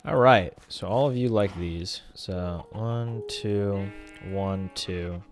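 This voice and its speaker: A man's voice: lowish voice, takes it slowly. A man giving casual, jokey commentary over his gameplay and talking to the animals in the game. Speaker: gaming creator.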